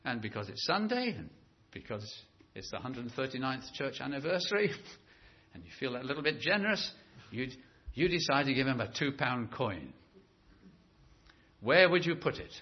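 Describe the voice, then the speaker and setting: Male preacher, lively sermon delivery with drawn-out emphasis, dull lo-fi church recording. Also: medium pitch. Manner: animated, stretches key words for emphasis.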